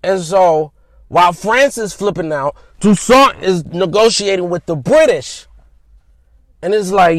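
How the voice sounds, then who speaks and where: A man's voice: high-pitched, animated, moderate pace, dry recording. A man hosting a podcast, telling history in a casual, slangy, conversational way. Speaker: podcast host. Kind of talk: informal history storytelling.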